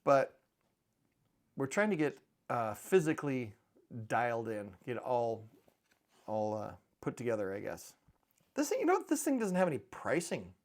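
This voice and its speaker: Middle-aged man, mid-pitched, loose rambling vlog talk with dry offhand jokes. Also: big pitch swings, measured pace, long pauses. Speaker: precious metals channel host. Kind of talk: casual chat to camera.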